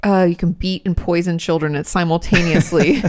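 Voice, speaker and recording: A woman's voice: fairly low pitch, steady tone, normal speed, a little mellow. A young adult woman from the United States co-hosting a podcast in casual chat, blunt, swearing and laughing often. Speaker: podcast co-host.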